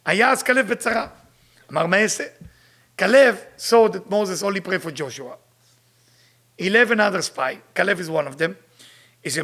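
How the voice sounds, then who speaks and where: Emphatic teacher, man, gravelly. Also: high-pitched, fairly bright tone. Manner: emphatic, repeats rhetorical questions. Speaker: Kabbalah teacher. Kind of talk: spiritual lecture reading and translating Hebrew text.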